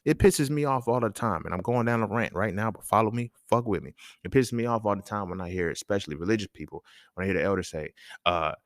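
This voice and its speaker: Low-voiced man on a profane rant. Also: quick pace, no room sound, studio quality. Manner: animated, profane, conversational street slang. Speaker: podcast host. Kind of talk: solo monologue rant.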